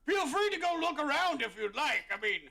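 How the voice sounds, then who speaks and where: A man's voice: extremely high pitch, very animated, a little fast, creaky, sharp tone, voice pushed up, heavily acted. A man voicing a proud, courteous male landship captain in a tabletop game. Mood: welcoming.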